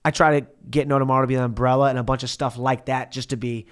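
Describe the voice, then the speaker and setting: A young man in his twenties tells a story as a podcast guest, loose and slangy. He acts out what everyone said with lively energy. His voice sits at an ordinary middle pitch. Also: fast talker, clean tone. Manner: animated, slangy, acts out quotes. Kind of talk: casual storytelling.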